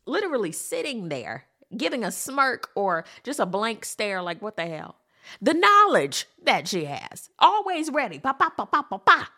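A woman hosts a casual commentary show, talking straight to her listeners. Her voice sits fairly high and swoops up and down as she fills her talk with asides and emphasis. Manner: animated, talks straight to her audience with many asides.

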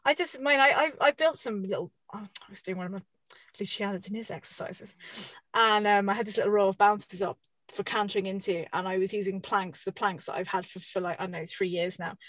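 A woman in easygoing conversation, animated and quick to swear as she tells stories. Her voice sits at an ordinary middle pitch. The recording is dry and close, with almost no room sound. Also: no room sound. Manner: chatty, swears casually, animated storytelling. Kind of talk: casual chat.

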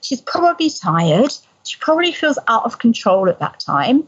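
A woman explaining parenting advice in a calm, gentle conversational way. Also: a little high, moderate pace, slightly rough. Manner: calm, gentle, soothing when voicing a parent. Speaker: parenting expert guest. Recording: slightly dull lo-fi sound.

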